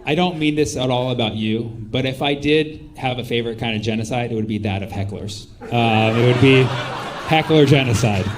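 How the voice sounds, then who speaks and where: A male stand-up comedian doing crowd work, sarcastic and mock-defensive, sometimes bursting into shouts. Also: mid-range voice, normal speed. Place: comedy club stage. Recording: comedy club with audience laughter and noise.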